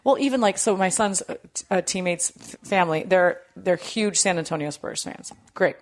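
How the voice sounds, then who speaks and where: A woman co-hosting a sports podcast in casual chat, telling animated stories and acting out quoted exchanges. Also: lowish voice, moderate pace. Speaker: podcast co-host.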